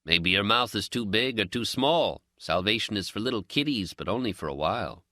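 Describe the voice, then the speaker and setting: A man reading an audiobook and voicing a calm, teasing male friend who is a pipe smoker with a Zen streak. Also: on the low side, no room sound. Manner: teasing, dry, unhurried. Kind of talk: audiobook character dialogue.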